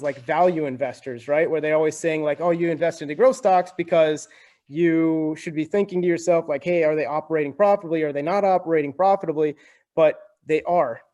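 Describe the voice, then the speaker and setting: A talkative young man speaking as a podcast guest, his voice sitting a bit higher than most men's. He explains in a loose, conversational flow and keeps checking in with "right?" between points. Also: dark tone. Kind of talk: casual explanatory talk.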